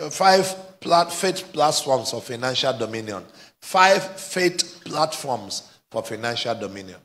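Male pastor, bright tone, fervent call-and-response preaching. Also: medium pitch. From Nigeria. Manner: exhorting, climbs to fervent shouting, prompts replies. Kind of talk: live sermon with call and response. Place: church service before a congregation.

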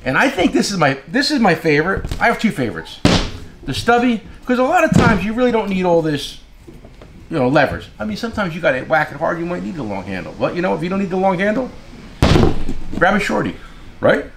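A man hosting a casual tool shop video, telling stories in an animated, exasperated way and repeating himself. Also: high voice, fairly quick, gravelly, very noisy. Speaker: tool shop owner and channel host. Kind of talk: casual storytelling rant to camera.

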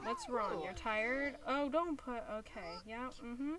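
A woman's voice: a little high, lively intonation, slow, over a noisy crowd. A young woman streaming a life-sim game, scolding her characters with exasperation. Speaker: gaming streamer. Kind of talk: casual gameplay commentary.

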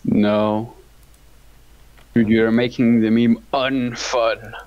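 A young man from Denmark with a Danish accent, chatting and laughing excitably while playing a co-op game with a friend. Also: medium pitch, extremely slow, dull audio. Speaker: gamer playing co-op. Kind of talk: casual gaming chat.

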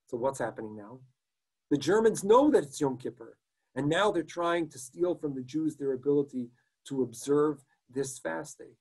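A rabbi speaking earnestly in an online lecture, his voice a little high for a man yet mellow and soft-edged. A slight huskiness runs through his emphatic storytelling, recorded through a computer mic. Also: animated, normal speed, slightly rough, low-quality recording.

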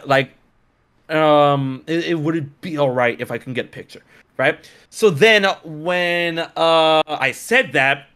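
Excitable bright-voiced young man. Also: a little high. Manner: excitable, slangy, many restarts. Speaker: streamer telling a story. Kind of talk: casual storytelling chat.

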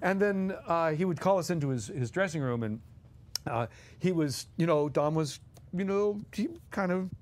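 A man's voice: a little high, moderate pace. A man guest co-hosting a podcast, telling anecdotes animatedly and chuckling as he goes. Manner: animated, chuckles while telling stories, acts out voices. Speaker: guest co-host.

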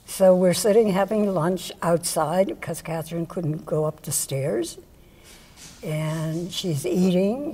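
A woman telling stories about an old friend in a slow, measured way. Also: fairly low pitch, warm tone, husky, low-quality recording. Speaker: interviewee recalling a friend. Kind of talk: anecdotal storytelling.

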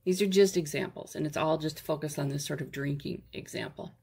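Female presenter, husky and gravelly low voice, casual conversational teaching, self-correcting. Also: fairly quick, darkish tone. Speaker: parenting workbook presenter.

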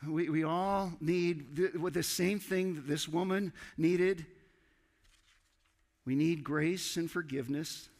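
A man preaching a sermon as pastor, animated and acting out dialogue with sudden loud outbursts. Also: fairly high pitch, slow pace. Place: church sanctuary. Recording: church hall with long reverb.

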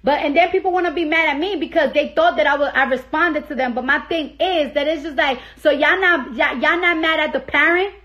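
Speaking briskly with hardly any pauses, a young woman on a social media live stream, a celebrity, unleashes a heated, profane rant into her phone. Her voice is high and a bit bright, and she keeps swearing and repeating points to hammer them home.

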